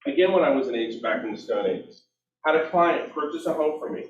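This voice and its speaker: A man's voice: a little high, fast talker, muffled recording. A middle-aged man leading a real estate team meeting, telling stories and acting out conversations. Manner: animated storytelling, acts out dialogue, self-mocking. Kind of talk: team meeting training talk. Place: meeting room. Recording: echoey room, distant mic.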